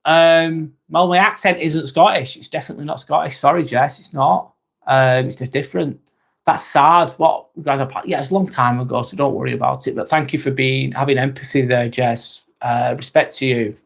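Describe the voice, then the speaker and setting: Here a fortysomething man runs a laid-back live stream, speaking at a moderate pace in a medium, steady voice with vocal fry. He chats loosely, reads viewer comments aloud and responds, with a bit of mild cursing.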